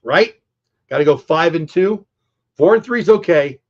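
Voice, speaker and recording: A man's voice: a little high, expressive, moderate pace, darkish tone, dull audio. A middle-aged man with a stuffed-up voice hosting a casual live stream, chatty and upbeat, talking straight to his viewers. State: stuffy, congested. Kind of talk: casual post-game live-stream chat.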